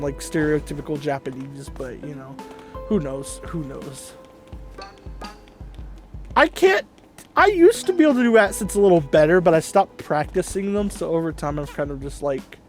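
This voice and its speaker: A man giving casual let's play commentary, rambling and laid-back, with frequent fillers and swearing. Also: a little high. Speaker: gaming video host.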